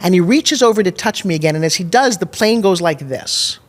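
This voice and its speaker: A woman's voice: fairly low pitch, animated, a little fast. A middle-aged woman as a podcast guest, telling a personal story candidly and with emphasis, acting out her own past thoughts. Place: studio in Nashville.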